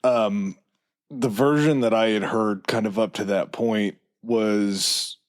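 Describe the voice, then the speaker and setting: A man co-hosting a podcast who tells his version of a myth in a slow, measured way and throws in dry jokes. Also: on the low side, steady tone. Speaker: podcast co-host. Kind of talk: casual storytelling chat.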